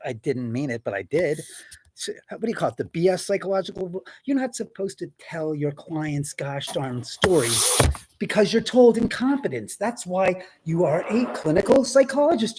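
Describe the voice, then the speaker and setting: A man hosting a live stream, chatting in a rambling, profane way and answering viewer comments as he goes. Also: a little high. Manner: animated, profane, reads viewer comments aloud.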